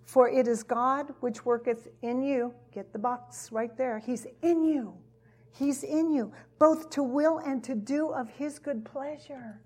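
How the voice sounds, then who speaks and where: A woman's voice: a little high, a little slow, a little mellow, husky. A woman teaching a sermon to a gathered audience, emphatic and repeating her key phrases. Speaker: Bible teacher.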